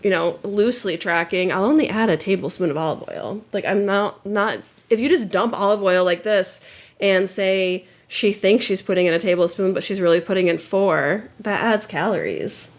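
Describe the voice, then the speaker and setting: A woman's voice: medium pitch, normal speed. A young woman co-hosting a casual podcast, chatting candidly, swearing freely and reading stories aloud. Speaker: podcast co-host.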